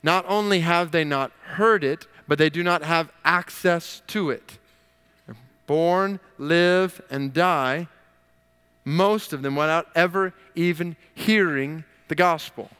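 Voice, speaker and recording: Man, pastor, sermon, emphatic, repeats phrases, clear resonant voice. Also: on the high side, slow pace, a bit bright, long reverb tail.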